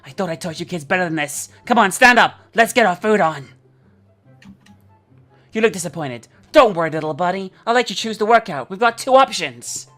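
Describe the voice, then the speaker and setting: A flamboyant, bossy gym coach barks cheery orders in a theatrical camp voice, as a player voices him mid-game. The delivery is loud and bouncy, with upbeat pushing energy. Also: medium pitch, animated, a little fast, soft background music, voice pushed up, natural voice. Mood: pushy cheerful. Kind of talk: voicing a character while playing a video game.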